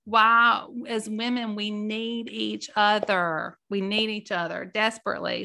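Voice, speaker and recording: A woman's voice: mid-range voice, little pitch movement, takes it slowly, creaky, pushed and bright. A middle-aged woman hosting a casual chat with her viewers, folksy, openly emotional and easily choked up. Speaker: host.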